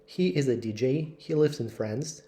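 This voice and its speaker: A man reading English textbook passages aloud for learners, slowly and carefully. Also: mid-range voice, mellow. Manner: slow, careful read-aloud delivery. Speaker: English teacher.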